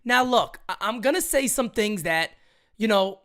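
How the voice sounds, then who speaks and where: A man hosting a fan sports livestream, hyped and chatty, rattling off shout-outs with frequent restarts. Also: sits high, lively intonation, moderate pace. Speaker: livestream host. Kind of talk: energetic fan livestream talk.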